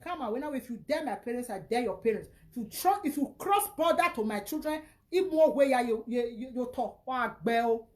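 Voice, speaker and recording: A Nigerian woman with a high, lively voice that swoops all over as she scolds and insults someone. She repeats herself and keeps up a heated social media rant. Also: fairly quick, few pauses. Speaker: vlogger.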